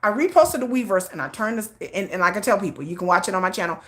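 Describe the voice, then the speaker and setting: A middle-aged woman hosting a casual livestream, rambling with restarts and repeats in an animated way. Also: medium pitch, quick pace. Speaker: livestream host.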